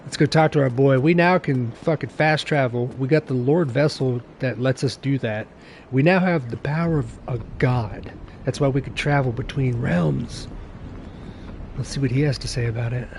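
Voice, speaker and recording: A man's voice: medium pitch, normal speed, creaky, a little mellow, a little hiss or hum. A man streaming a video game, talking in a playful, joking, sometimes profane way. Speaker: gaming streamer. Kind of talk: casual let's-play commentary.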